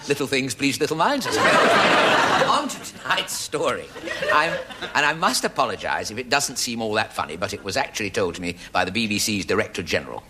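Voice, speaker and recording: A man telling a rambling comic story on stage in a dry, deadpan way. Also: on the low side, very noisy. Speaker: comedian. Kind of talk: stage monologue before a live audience.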